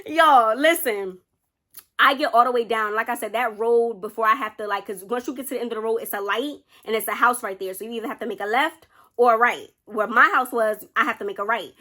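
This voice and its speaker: Bright-voiced woman telling a story. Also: on the high side, a little fast. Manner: chatty, animated, keeps addressing viewers directly. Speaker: vlogger. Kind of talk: casual storytime narration.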